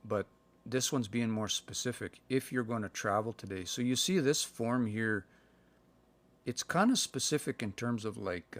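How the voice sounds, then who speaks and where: A man from Canada giving a casual livestream language lesson, thinking aloud and slowly sounding out words between fillers. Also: on the low side, a bit bright. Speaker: language learner sharing practice phrases. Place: indoors, livestream. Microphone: phone.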